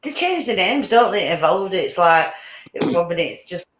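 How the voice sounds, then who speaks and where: A woman's voice: fairly low pitch, big pitch swings, normal speed. Echoey woman hosting a chat. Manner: rambling, laughs often. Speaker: podcast host. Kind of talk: casual chat.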